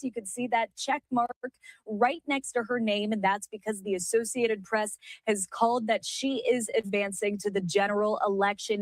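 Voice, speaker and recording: A woman reporting election results in a steady, explanatory newscaster manner. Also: on the high side, dry recording, poor audio. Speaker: news reporter. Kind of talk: broadcast news report.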